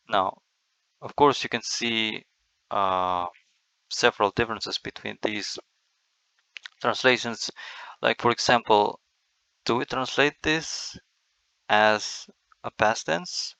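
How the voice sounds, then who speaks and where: Gravelly low-voiced man explaining step by step. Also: unhurried, pauses often, bright, forceful tone, no echo, poor audio. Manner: explains step by step with frequent fillers and restarts. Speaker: teacher. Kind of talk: screen-recorded lecture.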